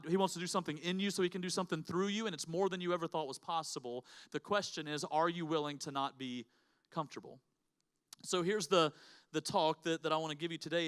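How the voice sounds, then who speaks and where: Middle-aged male pastor, quick and bright, animated sermon storytelling. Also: fairly high pitch, clean tone. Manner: animated storytelling, acts out quotes and sound effects. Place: church auditorium.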